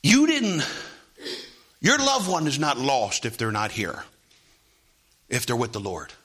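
A man preaching a sermon, often asking the congregation "Amen?" and swinging from hushed tones to loud rising calls. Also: mid-range voice, wildly swooping pitch, measured pace, slightly rough. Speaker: pastor.

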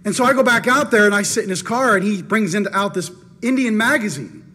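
A man preaching, telling a personal story in an animated first-person way and acting out his own thoughts. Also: high voice, fairly quick, a little hiss or hum. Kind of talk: storytelling in a sermon.

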